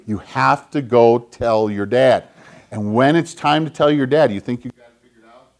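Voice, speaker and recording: Brief: man as pastor, children's sermon, conversational and kind, average pitch. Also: normal speed. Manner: gentle, conversational, clears throat often.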